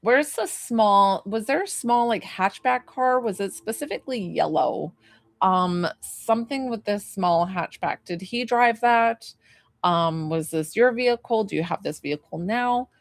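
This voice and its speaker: A woman's voice: medium pitch, lively intonation, unhurried, no echo. Tentative, chatty woman medium. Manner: rambling and tentative, full of "like" and questions to the sitter; gently reassuring when she relays comfort. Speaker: psychic medium. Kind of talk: live spirit reading for a client.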